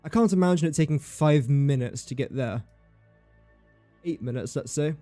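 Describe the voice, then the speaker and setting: A man streaming live gameplay commentary, his voice a touch high yet mellow and warm. He thinks aloud in a chatty, conversational way, talking to the game and to his viewers. The sound is dry and close, with faint game music underneath. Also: moderate pace, dry recording.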